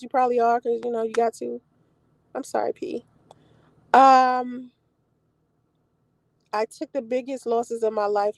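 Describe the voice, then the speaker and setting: A young adult woman vlogger giving blunt, profane relationship talk in an animated storytelling way. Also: mid-range voice, vocal fry, no room sound, poor audio. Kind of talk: casual live-stream talk.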